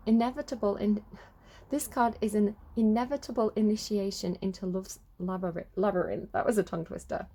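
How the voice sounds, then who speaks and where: A woman's voice: medium pitch, mellow. A young adult woman giving a casual tarot reading, rambling and correcting herself as she reads card text aloud. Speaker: tarot reader.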